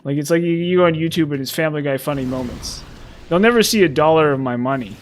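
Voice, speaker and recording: Rambling sarcastic guy talking over a game, bit higher voice, faint game noise. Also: fast. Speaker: gameplay commentator. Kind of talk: casual game commentary.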